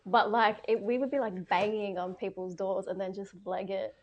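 A woman's voice: medium pitch, steady tone, normal speed, highs cut off. A woman chatting casually about her childhood with light laughter. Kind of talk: casual chat.

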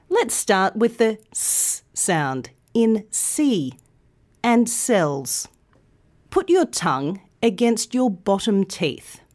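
A woman hosting a podcast, giving a clear, carefully articulated English pronunciation lesson. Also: mid-range voice, darkish tone. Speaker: language podcast host.

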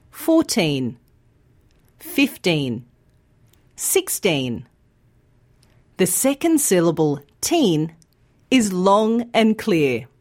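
A woman teaching English pronunciation in a scripted lesson, enunciating each word slowly and clearly. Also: mid-range voice, a little mellow. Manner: slow, clear, deliberate enunciation.

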